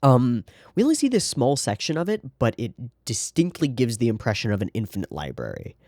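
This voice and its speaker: A man's voice: mid-range voice, huge pitch swings, fairly quick, darkish tone, no room sound, clean studio sound. A man hosting an anime reaction, talking through the episode in a casual, sarcastic way with rambling asides.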